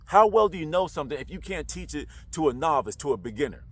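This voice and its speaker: A man's voice: on the high side, very animated, fast, a bit bright, slightly rough. A man talking casually to camera in a slangy, roundabout way, full of rhetorical questions. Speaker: online commentator.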